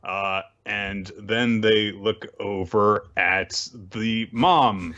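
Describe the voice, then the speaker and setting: A man's voice: lowish voice, extremely slow, pushed and bright. A man casually recapping manga chapters as a podcast co-host, with dry joking asides. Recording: dull lo-fi audio.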